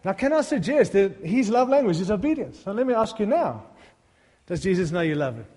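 A man's voice: sits high, sing-song, fairly quick, darkish tone, long reverb tail. A middle-aged male pastor preaching a sermon, mixing humorous, self-deprecating stories with fervent appeals to the congregation.

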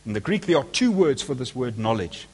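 Husky-voiced man preaching a sermon. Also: medium pitch, very animated, brisk, darkish tone. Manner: emphatic, asks the audience rhetorical questions.

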